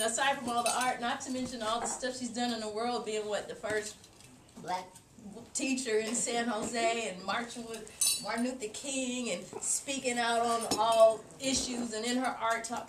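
A woman's voice: fairly high pitch, fairly even intonation, normal speed. A young woman giving a rambling, emotional tribute to her grandmother at a family gathering. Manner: rambling, tearful and effusive. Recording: roomy, distant home camcorder with noise.

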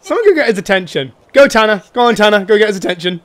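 A young man streaming a co-op game with friends, excitable and quick to yelp and laugh when things go wrong. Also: high-pitched. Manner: excitable, yelps and laughs in panic. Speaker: gameplay streamer. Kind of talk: co-op gameplay commentary.

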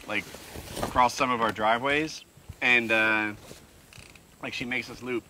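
A man's voice: mid-range voice, sharp tone, a little hiss or hum. A man co-hosting a podcast, telling stories bluntly and offhandedly with crude humor. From United States. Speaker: podcast co-host. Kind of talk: casual chat.

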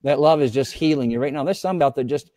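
A man's voice: medium pitch, rapid-fire, dark tone, dry recording, studio quality. A man preaching as a guest pastor, fervent and repetitive, often speaking in the voice of God to his viewers.

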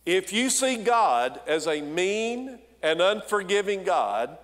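A man preaches from the pulpit with a voice set a little high. He talks in a folksy, conversational way and keeps turning to the congregation with quick asides. His words trail off into the long reverb of a church sanctuary. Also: sing-song, a bit bright. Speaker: senior pastor. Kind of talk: sermon.

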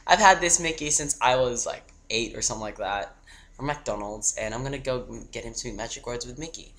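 A man's voice: mid-range voice, brisk, a bit bright. Giggly, rambling young man. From Australia. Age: 20s. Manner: rambling and giggly, talking to a toy. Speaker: vlogger. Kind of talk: casual holiday video message.

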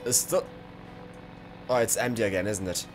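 A man giving excitable let's play commentary, exclaiming and rambling as he goes. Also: lowish voice, normal speed, over loud music. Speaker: gaming video creator. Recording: clear background game noise.

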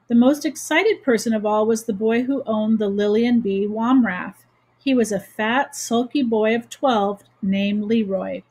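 Woman with a husky voice reading aloud. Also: fairly high pitch, poor audio. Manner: steady, expressive storytelling. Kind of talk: children's book read-aloud.

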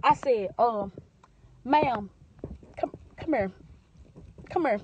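A woman telling comic stories in a sassy, animated way, talking straight to the viewer. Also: sits high, takes it slowly, pauses often. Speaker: comedic vine creator. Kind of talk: comedic storytelling monologue.

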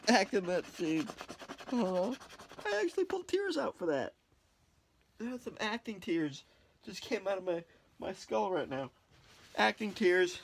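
A man's voice: high-pitched, a little hiss or hum. A man vlogging casually as he scratches lottery tickets, joking, mocking himself and swearing freely.

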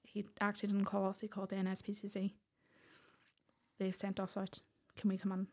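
A woman tells her own story as a podcast guest. She speaks earnestly in a mid-pitched voice with fairly flat intonation. She acts out the lines of the people in her story. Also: fairly quick. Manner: earnest, acts out what others said. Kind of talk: personal storytelling in conversation.

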